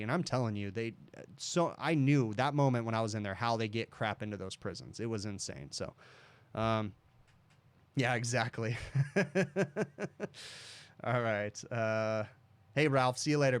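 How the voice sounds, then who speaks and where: A man's voice: medium pitch, normal speed, smooth, no echo. Chatty man telling a rambling story. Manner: rambling storyteller, says "okay?" often. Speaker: livestream host, HVAC technician. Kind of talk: casual livestream chat.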